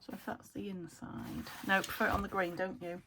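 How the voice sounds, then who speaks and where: A woman's voice: medium pitch, flat delivery, fairly quick, background noise. A British woman thinking aloud as she demonstrates a craft project, often muttering half-whispered asides to herself. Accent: British English. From United Kingdom. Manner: self-talk, thinking aloud, chuckling. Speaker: crafter demonstrating junk journal making. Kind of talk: chatty crafting tutorial, talking to herself.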